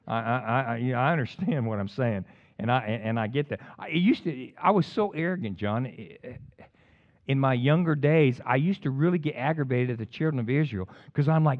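A man's voice: mid-range voice, fairly quick, lo-fi sound. A man preaching a sermon in a fired-up, rambling way, with jokey asides and sudden bursts of emphasis.

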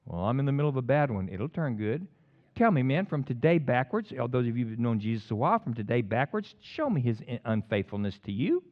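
A man's voice: mid-range voice, very animated, quick pace, phone-quality sound. A man preaching a sermon in a fired-up, rambling way, with jokey asides and sudden bursts of emphasis.

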